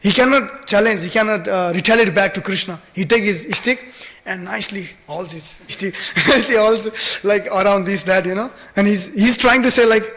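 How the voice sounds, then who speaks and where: High-voiced man telling a devotional story. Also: normal speed, a bit bright. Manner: storytelling, many fillers, acts out voices. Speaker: temple speaker giving a scripture class. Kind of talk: devotional scripture class. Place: large temple hall. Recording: reverberant temple hall.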